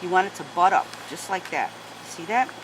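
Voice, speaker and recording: Speaking fairly quickly in a lowish voice with lively intonation, an origami teacher guides viewers through each fold at home. She's patient and methodical, talks to her dogs as she goes, and there's background noise.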